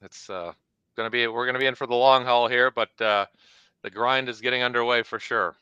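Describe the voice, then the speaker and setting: A man with a bright, forceful voice and smooth, crisp delivery, talking through testimony in an animated, exasperated recap. The sound is dry and close, though a bit dull and lo-fi. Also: medium pitch, brisk, dry recording. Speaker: co-host recapping trial testimony. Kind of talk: casual podcast commentary.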